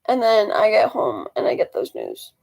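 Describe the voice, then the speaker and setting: A woman's voice: mid-range voice, very animated, moderate pace, gravelly, a little mellow, rough recording. A teenage girl telling a rambling story in a casual vlog, restarting often and filling with ums. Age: teens. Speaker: vlogger. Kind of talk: casual talking-to-camera vlog.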